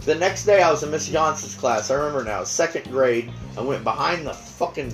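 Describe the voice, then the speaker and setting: A man in his forties hosting a casual podcast chat, spinning crude and profane stories in a rambling way. His pitch swings widely as he talks. Faint music plays underneath. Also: expressive, a little fast, rough recording. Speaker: podcast host.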